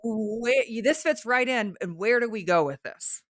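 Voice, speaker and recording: A woman's voice: fairly high pitch, lively intonation, unhurried, a bit bright, no room sound, clean studio sound. Chatty woman podcast host. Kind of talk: casual podcast conversation.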